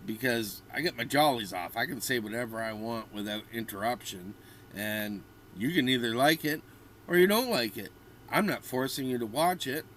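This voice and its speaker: A man's voice: mid-range voice, fairly bright tone, slight background noise. A man in his fifties ranting bluntly and ramblingly as a vlogger. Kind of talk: ranting commentary.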